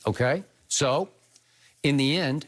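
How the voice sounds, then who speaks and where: Older guy on a sports debate show, kinda high voice, lectures with lots of "okay, right?". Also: slow. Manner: emphatic, lecturing, rhetorical questions.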